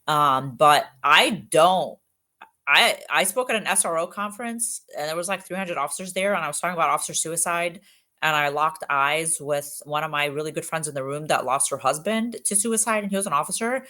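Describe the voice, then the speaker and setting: A woman police officer from Egypt speaks in an unusually low voice. She talks earnestly and emphatically, breaking into fast bursts and leaning on plenty of fillers as she tells her stories. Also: sharp tone. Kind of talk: candid interview storytelling.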